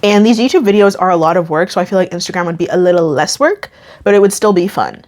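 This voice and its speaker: A woman's voice: lowish voice, fast talker, darkish tone. A young woman YouTube creator chatting casually to camera, emphatic and often restarting her sentences. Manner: chatty, emphatic, self-interrupting.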